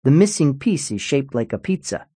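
A bright little boy from a storybook, earnest and literal, explaining things plainly, as a man reads him. The voice rises and falls in lively swings and has a mellow, slightly husky tone. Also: medium pitch, normal speed, no echo. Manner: earnest, matter-of-fact.

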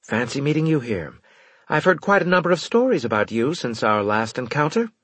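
A man's voice: mid-range voice, sing-song, a little fast, fairly bright tone, husky, no echo, voice pushed up. A man voicing a cool, sardonic female commanding officer in an audiobook. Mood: dry. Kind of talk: audiobook character voice.

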